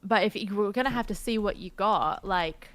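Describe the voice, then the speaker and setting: A woman's voice: mid-range voice, moderate pace, a bit bright, natural voice. A woman voicing a brash, sassy female mermaid islander who curses, brags, and lets her accent wander between British, Australian and American. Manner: brash, cursing, full of herself.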